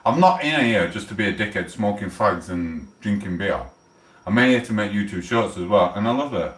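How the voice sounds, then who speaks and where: A man's voice: lowish voice, expressive, fairly quick, fairly bright tone, reverberant, distant mic. A middle-aged man from England with a South Yorkshire accent, chatting on a livestream in a blunt, swearing, mock-outraged way. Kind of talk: casual livestream chat.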